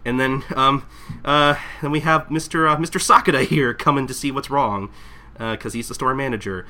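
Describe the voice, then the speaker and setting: A young man hosting a podcast, casually recapping manga chapters, laughing and acting out characters in quick voices. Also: medium pitch, bright, forceful tone. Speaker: podcast host.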